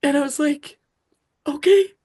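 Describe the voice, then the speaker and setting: A woman's voice: lowish voice, normal speed. A woman guest on a podcast telling a personal story with feeling, acting out what she said back then. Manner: animated, acts out her own past lines.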